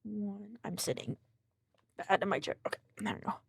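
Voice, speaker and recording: A woman's voice: medium pitch, expressive, moderate pace, vocal fry, slightly rough, dry recording, studio quality. A young woman streamer chatting casually with her live chat in a sleepy, laid-back way, counting out exercise reps as she goes.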